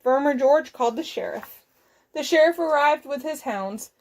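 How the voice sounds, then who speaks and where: Speaking at an ordinary pace in a high voice, this woman, a children's librarian, reads a picture book aloud with lively, crisply articulated storytelling.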